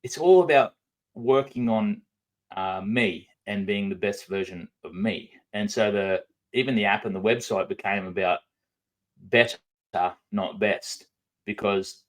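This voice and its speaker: An Australian man talks casually on a podcast in a low voice. His words come out in a lazy drawl through a barely open mouth. He fills his pauses with frequent ums. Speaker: guest. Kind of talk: casual conversation.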